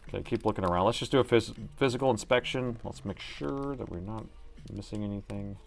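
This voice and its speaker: A man's voice: fairly low pitch, a little fast, vocal fry, faint music behind. A man hosting a live laptop repair stream, muttering to himself as he works and chatting casually with viewers. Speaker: livestream repair host.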